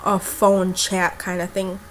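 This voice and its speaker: A woman's voice: lowish voice, completely flat delivery, takes it slowly, a little hiss or hum. A young woman vlogger telling a personal story in a casual, blunt way, with lots of fillers and swearing.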